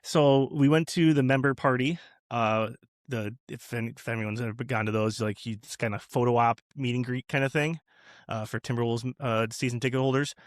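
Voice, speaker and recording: A man's voice: medium pitch, fairly even intonation, normal speed, no echo, clean studio sound. A man on a podcast as a guest, telling a long story in casual chat with lots of restarts and fillers.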